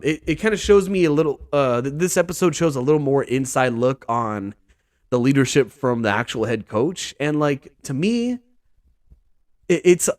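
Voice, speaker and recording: A man with a fairly high voice ranting about football in a loose, rambling way, swinging his pitch all over. He peppers his talk with "dude" and "bro". He sounds close and dry, with no room echo. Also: a little mellow. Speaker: sports vlog host. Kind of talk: casual monologue.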